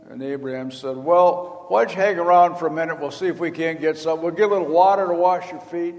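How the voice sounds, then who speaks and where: A man's voice: on the high side, darkish tone. Older man preaching with a folksy, storytelling manner. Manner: folksy storytelling, acting out quoted lines. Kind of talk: sermon. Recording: long hall reverb.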